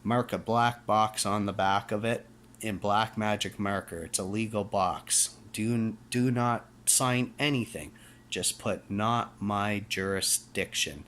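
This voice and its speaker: Man from Canada, casual rant, emphatic and preachy, lowish voice, faint hiss behind. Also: a bit bright. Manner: emphatic, repeats "okay?" and restarts; fiery, preachy. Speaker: vlogger.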